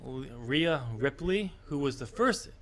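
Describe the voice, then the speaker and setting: A man's voice: mid-range voice, expressive, slow. A man co-hosting a casual wrestling predictions podcast, talking in a hesitant way with many fillers. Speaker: podcast co-host.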